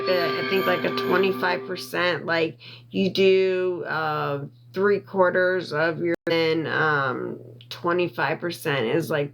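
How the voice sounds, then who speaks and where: A woman livestreaming from her phone, reading viewer comments, getting worked up and loud, repeating herself and defending her character. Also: medium pitch. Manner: reads and answers viewer comments. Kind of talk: emotional livestream chat.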